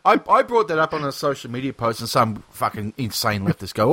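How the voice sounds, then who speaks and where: A man's voice: medium pitch, very animated, brisk, pushed and bright, no echo. Blunt, profane man in casual chat.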